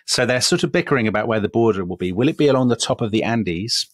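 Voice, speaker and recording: A man's voice: medium pitch, expressive, fast, no echo. An English man co-hosting a history podcast, telling a story in a chatty, self-deprecating way with many asides. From England. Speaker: podcast co-host.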